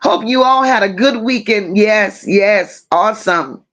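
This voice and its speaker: A woman's voice: mid-range voice, measured pace, fairly bright tone. A woman hosting a livestream, greeting her viewers one by one with pet names like baby and boo. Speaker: livestream commentary host. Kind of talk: casual livestream chat. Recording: dull lo-fi livestream audio.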